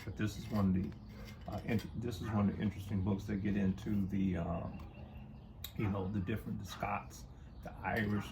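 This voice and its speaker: Slow deep-ish guy with a really gravelly voice, lots of ums, noisy background. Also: steady tone. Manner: slow, halting, many fillers. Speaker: co-host of a history talk channel. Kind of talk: casual talk, showing books to camera.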